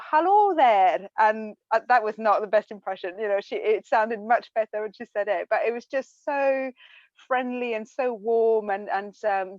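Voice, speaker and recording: Woman from france on a zoom call, halting, lots of ums, dry muffled sound. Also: medium pitch, no room sound. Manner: hesitant, many fillers and restarts. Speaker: church member sharing a memory. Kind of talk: casual heartfelt sharing on a video call. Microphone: video call. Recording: dull lo-fi video call audio.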